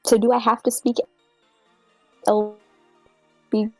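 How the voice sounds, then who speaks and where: Gravelly-voiced woman player on a call. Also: a little high, level tone, slow, mellow, no room sound, faint music behind, rough recording. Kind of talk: casual tabletop game stream.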